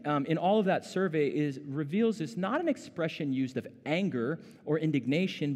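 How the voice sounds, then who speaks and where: A man preaching a sermon as pastor, conversational with many fillers, growing more intense when he voices questions. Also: a little high. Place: church sanctuary. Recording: long reverb of a church hall.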